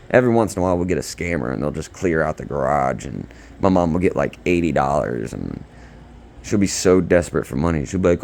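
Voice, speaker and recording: Low gravelly young man ranting. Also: lively intonation, fairly quick, a little hiss or hum. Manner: defensive, rambling, getting louder. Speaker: son recording a garage sale dispute. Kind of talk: ranting monologue to camera. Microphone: phone recording himself.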